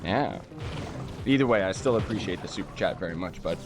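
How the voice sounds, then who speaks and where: A man's voice: low voice, lively intonation, a little fast, music in the background. A young man from Canada, just out of bed, chatting casually on a game livestream, reading chat aloud with lots of fillers. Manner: rambling, reads chat aloud, many fillers. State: just woke up. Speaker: gaming streamer.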